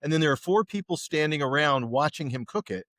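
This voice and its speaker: A man's voice: a little high, fairly quick, dry recording, clean studio sound. A man co-hosting a podcast, chatting casually and acting out everyday examples as he tells stories. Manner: animated storyteller who acts out examples. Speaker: podcast co-host. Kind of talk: casual conversation.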